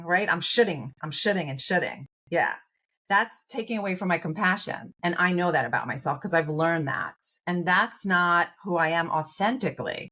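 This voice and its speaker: Lower-pitched woman coaching with emphatic warmth. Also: lively intonation, moderate pace. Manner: warm, encouraging, emphatic with fillers. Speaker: podcast guest, therapist. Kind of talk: coaching conversation.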